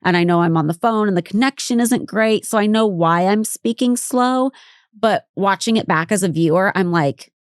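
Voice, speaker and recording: A woman's voice: medium pitch, normal speed, no echo, clean studio sound. A middle-aged woman co-hosting a podcast, talking frankly, mocking herself and swearing casually. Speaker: podcast co-host. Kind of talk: casual chat.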